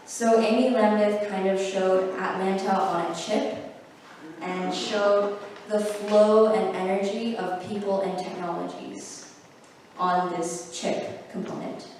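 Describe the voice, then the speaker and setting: A woman's voice: mid-range voice, a little hiss or hum. A young woman giving a casual presentation with plenty of fillers and self-corrections, a little short of breath. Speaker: guest speaker. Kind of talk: presentation talk. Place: large hall. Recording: echoey hall, far from the mic.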